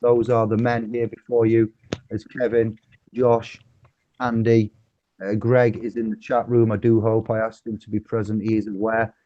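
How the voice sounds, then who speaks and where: Dark-voiced male host. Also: fairly low pitch, level tone, moderate pace, no echo, muffled recording. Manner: rambling, chuckling, many fillers. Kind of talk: casual online chat show.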